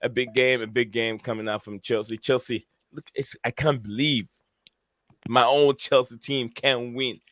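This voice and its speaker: A man's voice: mid-range voice, steady tone, moderate pace, fairly bright tone, no room sound. A man hosting a casual live stream, hesitant with many fillers, reading out names from the chat. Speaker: host.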